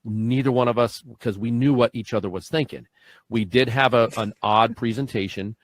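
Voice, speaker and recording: A man's voice: medium pitch, moderate pace, no room sound. A man, likely in his forties, a podcast host and first responder, telling stories in casual chat and acting out the dialogue. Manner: animated storyteller acting out quoted dialogue.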